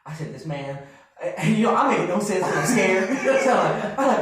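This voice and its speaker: Late 20s guy with a lively slightly high voice, casual podcast storytelling, laughing a lot, real echoey room. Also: fairly quick. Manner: animated, laughs through his story. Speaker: podcast co-host. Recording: very echoey room, mic at a distance.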